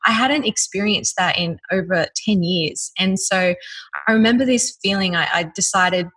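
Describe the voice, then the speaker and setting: A woman in her thirties with an Australian accent, telling her personal story in a lively way and laughing often. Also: medium pitch, moderate pace, slightly rough, rough recording.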